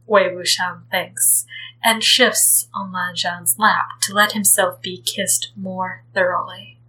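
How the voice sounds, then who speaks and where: A woman narrating a story aloud at an unhurried pace. Her tone is bright and clear, and her reading is gentle and expressive. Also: fairly low pitch, poor audio. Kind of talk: reading fan fiction aloud.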